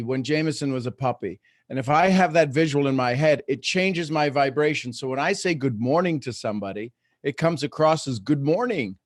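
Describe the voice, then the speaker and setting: A man's voice: medium pitch, no echo, studio quality. A middle-aged man hosting a live online coaching talk, speaking earnestly with many restarts as he explains his points. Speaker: host.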